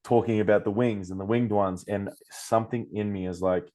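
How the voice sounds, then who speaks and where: Aussie guy, lowish voice, animated storyteller, swears a lot, acts out quotes. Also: fairly quick. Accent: Australian. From Australia. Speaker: podcast guest, coach. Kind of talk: casual storytelling.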